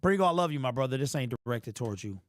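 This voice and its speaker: A man hosting a sports fan livestream, tired and emotional, his frustrated talk rising into shouted rants. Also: medium pitch, animated, very fast, no room sound, studio quality.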